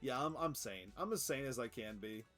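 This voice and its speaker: A man streaming a factory game live, excitable and swearing, laughing often and cooing at his cat. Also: medium pitch, normal speed, faint music behind. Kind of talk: live gameplay commentary.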